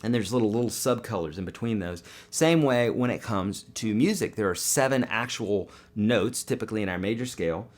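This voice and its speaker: A man teaching guitar on a live webcast, upbeat and quick, singing note names now and then, with his morning voice. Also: fairly low pitch.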